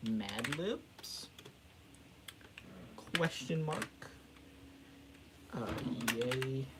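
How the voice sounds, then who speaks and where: A man's voice: mid-range voice, very animated, drawn-out words, heavy background noise. A man hosting a casual livestream, rambling and joking at his own expense, laughing and restarting often. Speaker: livestream host.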